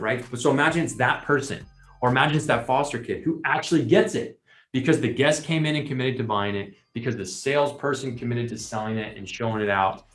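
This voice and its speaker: Animated podcast host in an echoey room. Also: male voice, medium pitch. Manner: animated, explains with imagined scenes and quoted asides. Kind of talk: casual storytelling chat.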